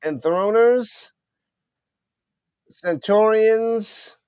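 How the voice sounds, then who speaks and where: Smooth and high, with drawn-out words and no echo, this man streams a football game live. He gives excited play-by-play, chats with viewers, and trips over unfamiliar player names.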